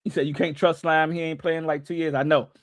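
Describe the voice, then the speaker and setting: A man's voice: fairly high pitch, level tone, a little fast, dry recording. A man hosting a live sports reaction stream, chatting loosely with viewers and joking as he goes. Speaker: livestream sports host.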